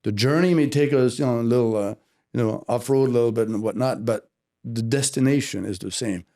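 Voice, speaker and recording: Mellow-voiced man, halting and reflective. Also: mid-range voice. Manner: reflective, halting, many fillers and restarts. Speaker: podcast host. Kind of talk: casual conversation.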